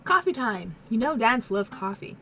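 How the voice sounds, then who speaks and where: A woman's voice: on the high side, sing-song, normal speed, pushed and bright, a little hiss or hum. Bubbly woman playing a dating game. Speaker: let's play host. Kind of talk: casual game commentary.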